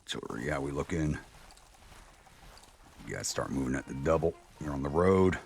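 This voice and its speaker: A man hosting a strategy game playthrough, talking to his units out loud as he urges them on and thinks things through. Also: extremely low pitch, expressive, moderate pace, creaky, slight background noise. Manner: talks to his units aloud, urging and musing. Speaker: gaming channel host.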